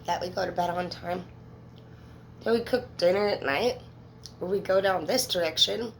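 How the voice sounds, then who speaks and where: Woman, 30s, low gravelly voice, blunt tarot-reading monologue, slight background hiss. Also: rough recording. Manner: candid, emotional, swears freely. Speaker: tarot reader. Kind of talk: casual monologue to viewers.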